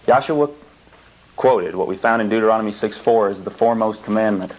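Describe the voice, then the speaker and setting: A man's voice: lowish voice, fairly quick. A man preaching a sermon and reading scripture aloud, pressing his points with insistent emphasis and repetition. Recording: dull lo-fi tape recording.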